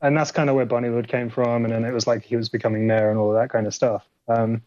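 A man talking casually as a game developer guest, rambling along with frequent fillers. His voice is mid-pitched and dry. The sound is dull and lo-fi. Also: flat delivery, fast talker, a little mellow, no echo. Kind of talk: casual podcast chat.

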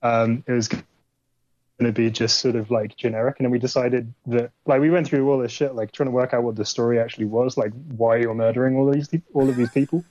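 A man's voice: medium pitch, fairly even intonation, fast, darkish tone, dry recording. A man, an indie game developer guest, chatting casually on a podcast, rambling with lots of "like" fillers. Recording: dull dry lo-fi audio.

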